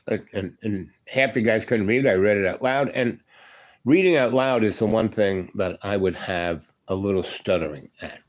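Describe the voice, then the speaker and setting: A man's voice: lowish voice, moderate pace. A man in his seventies, a former union electrician, telling a long story in a rambling, casual way and tossing in "you know" and "right?". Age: 70s.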